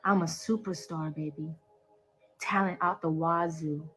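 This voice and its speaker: A woman's voice: sits low, steady tone, unhurried, a bit bright, soft background music, rough recording. A woman in a played social media clip, ranting in a boastful, profane and emotional way and affirming herself. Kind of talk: social media live rant.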